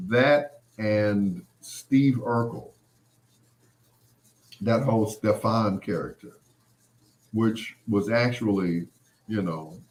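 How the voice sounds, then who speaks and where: A middle-aged man, hosting a show and telling stories in an animated way, laughing often and full of "you know" asides. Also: on the low side. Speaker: podcast host. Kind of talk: storytelling monologue.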